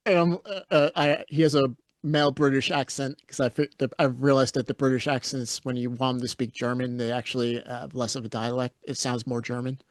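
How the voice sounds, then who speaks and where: A man's voice: medium pitch, little pitch movement, fairly quick. A man co-hosting a podcast in casual, unscripted chat, with a mid-range voice. He tells his stories bluntly and gives strong opinions. The sound is dry, with almost no room echo. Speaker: podcast co-host.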